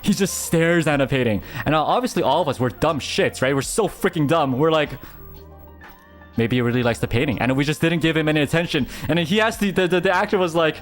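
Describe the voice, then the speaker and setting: A young man streamer telling a story in casual chat, animated, with stammering restarts and frequent laughter. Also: on the high side, fast, hardly any pauses, faint music behind.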